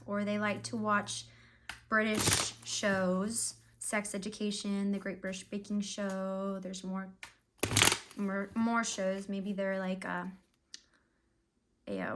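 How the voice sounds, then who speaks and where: A woman's voice: mid-range voice, background noise. A young woman giving a casual, emotional tarot reading to camera, chatty and full of fillers and sighs. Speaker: tarot reader.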